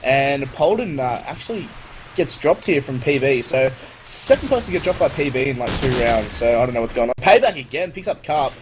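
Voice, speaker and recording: A man doing live play-by-play commentary on a competitive shooter match, brisk and light-hearted, amused by blunders. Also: medium pitch, animated, noisy background. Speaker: esports shoutcaster.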